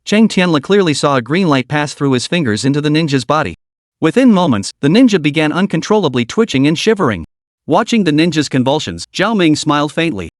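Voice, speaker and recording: Male recap narrator, a bit high, dry close sound. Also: no room sound. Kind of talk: scripted comic recap narration.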